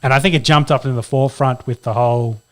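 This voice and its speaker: A man's voice: mid-range voice, steady tone, fast talker, a bit bright. A man with an Australian accent, co-hosting a casual sports podcast in an easygoing, hesitant way with many fillers. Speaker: podcast co-host.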